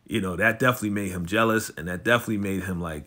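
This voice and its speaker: Animated man recapping a TV episode. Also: deep voice. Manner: animated, slangy storytelling, often fast. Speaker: YouTube show recapper.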